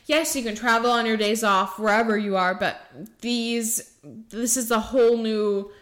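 A bubbly young woman from Michigan chats as a podcast host, laughing often and filling her talk with "like". Her voice sits a little high for a woman. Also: fairly even intonation, moderate pace, fairly bright tone. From Michigan, USA. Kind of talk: casual chat.

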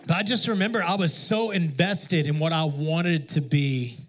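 A man's voice: on the high side, moderate pace, a bit bright. A man preaching a sermon in a conversational, self-deprecating storytelling manner, often restarting his sentences. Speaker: pastor.

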